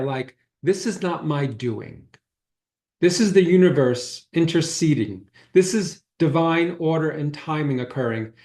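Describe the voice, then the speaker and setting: Earnest man telling a story in an echoey room. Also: on the high side. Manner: earnest, reflective, quotes his own past self. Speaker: holistic healer teaching a workshop. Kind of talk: talk with personal story. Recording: roomy echo.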